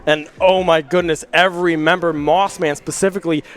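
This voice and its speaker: A young man calling live college esports play-by-play, rapid and rising at big plays. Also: a little high, fairly even intonation, smooth.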